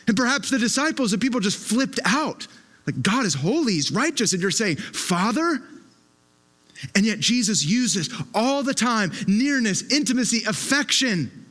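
A man delivering a sermon in a somewhat high voice. He preaches with passion and emphasis, doubling back on phrases to drive them home. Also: animated, moderate pace, fairly bright tone.

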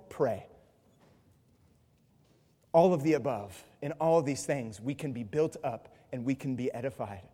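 A man with a high voice preaches in a church, his words trailing off into a long hall reverb. He is animated, jumping to loud mimicry, then dropping to hushed, earnest passages. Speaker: pastor. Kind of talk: sermon.

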